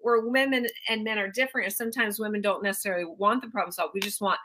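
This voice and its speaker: A woman's voice: medium pitch, fairly even intonation, fast talker, pushed and bright. A woman co-hosting a podcast, giving frank, opinionated takes in casual talk with some swearing. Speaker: podcast co-host.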